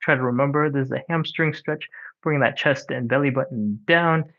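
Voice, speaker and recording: A man's voice: medium pitch, moderate pace, fairly bright tone, dull audio. A man leading a live home stretching workout, counting reps and coaching casually, a bit out of breath. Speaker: stretching instructor.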